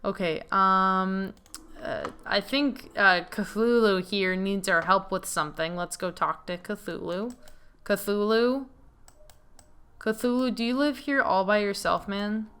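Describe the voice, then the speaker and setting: A young woman giving casual let's play commentary, chatty and excitable, reading game lines aloud. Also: medium pitch, takes it slowly, smooth. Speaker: gaming video host.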